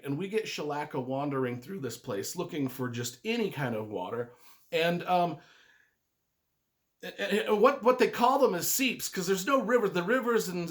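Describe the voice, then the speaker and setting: A man's voice: a little high, a bit bright. A man giving a casual spoken book review, retelling the plot in a chatty, enthusiastic way. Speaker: book reviewer and writing adviser.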